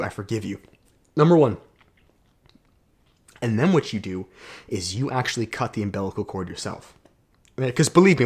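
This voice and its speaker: A young man giving a motivational self-development monologue, emphatic, casual and sprinkled with swearing and "right?" tags. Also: medium pitch.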